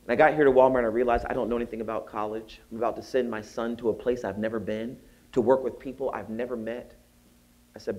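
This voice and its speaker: A man giving a storytelling keynote at a conference, acting out the people in his story and rising to high exclaims. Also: fast talker. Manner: animated, acts out voices, rises to high exclaims. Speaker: keynote speaker. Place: conference hall.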